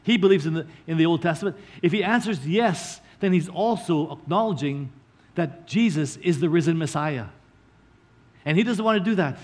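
A male pastor preaching a sermon, earnestly explaining scripture line by line and slowing down to stress key words. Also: on the high side, animated.

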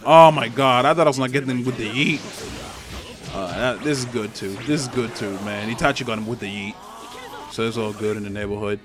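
A man's voice: mid-range voice, very animated, moderate pace, a bit bright, faint music behind. A young man with a Spanish accent giving loose, profane, trash-talking commentary while he plays a fighting game online. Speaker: gaming channel host. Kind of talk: live gameplay commentary.

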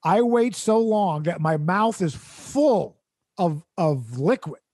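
A man's voice: sits high, animated, slow, darkish tone, dry recording, clean studio sound. A man hosting a comedy podcast, telling a rambling, exasperated story with laughs mixed into his sentences.

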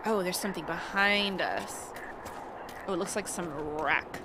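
A woman's voice: on the low side, unhurried, background noise. A woman streaming a game, chatting casually, giggling and greeting viewers in chat by name. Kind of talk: casual let's-play commentary.

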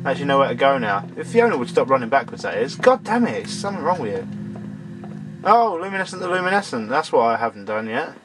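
A man doing let's-play commentary, excitable, swearing at the game and talking to its characters, and a bit hoarse as he loses his voice. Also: medium pitch, quick pace, music in the background. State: losing his voice. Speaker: let's player. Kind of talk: gameplay commentary.

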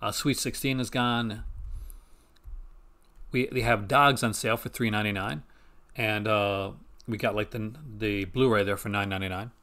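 A man's voice: on the low side, steady tone, moderate pace, long pauses, pushed and bright. A man hosting a casual home stream, talking in a rambling, enthusiastic way with frequent restarts and self-corrections. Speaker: host. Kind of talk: casual chat.

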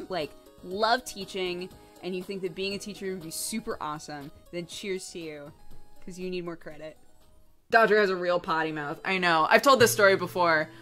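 A young adult woman streamer with a fairly low voice tells a story in a casual, animated way. She swears freely and laughs often.

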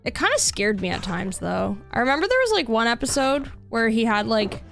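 A young Canadian woman with a higher-pitched voice, chatting loosely and rambling as she streams a game. She fills her talk with "like" and little asides to viewers. Soft music plays faintly under her voice. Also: very animated, fairly quick, creaky. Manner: chatty, rambling, lots of "like" fillers. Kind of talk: casual live-stream chat while gaming.

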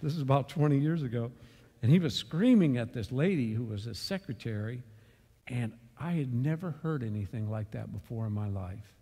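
A man teaches a church Bible study in a mid-pitched voice. He tells his story with sudden loud bursts for emphasis. The sound carries a long church hall reverb. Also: lively intonation, normal speed, slightly rough. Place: church meeting room.

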